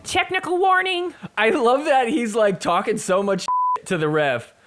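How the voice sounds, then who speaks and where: A man hosting a podcast, giving a casual recap of sports matches, swearing freely and mocking the players in quick put-on voices. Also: high voice, very animated.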